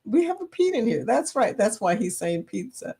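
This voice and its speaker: A woman's voice: a little high, very animated, normal speed, warm tone, breathy edge. Woman host chatting loosely with her live-stream viewers, teasing and laughing often. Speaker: livestream host. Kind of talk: casual chat reading viewer comments.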